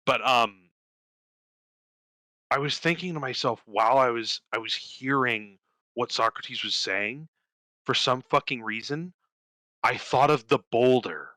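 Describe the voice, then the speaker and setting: Young man, podcast co-host, crisp bright tone, dry close sound, profane animated storytelling. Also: medium pitch, a little slow, pauses often, dry recording, rough recording. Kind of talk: casual chat.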